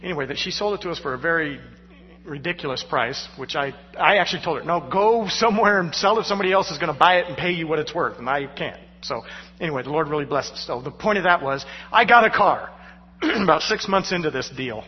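A male pastor preaching a sermon through personal stories, animated and poking fun at himself with frequent laughter. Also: on the high side, quick pace, slightly rough. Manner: animated, self-mocking, laughing between lines. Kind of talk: storytelling sermon. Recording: dull sound with long hall reverb.

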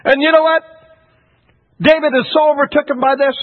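A man's voice: extremely high pitch, fairly even intonation, brisk, narrow, tinny audio. A man preaching a sermon in an emphatic, folksy style, telling the story with lots of energy.

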